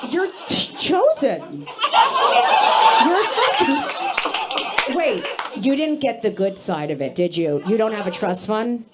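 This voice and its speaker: Brash woman doing loud stand-up crowd work. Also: medium pitch, very animated, a little slow, hardly any pauses. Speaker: stand-up comedian. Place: comedy club stage before a laughing crowd. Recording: live show with loud crowd noise.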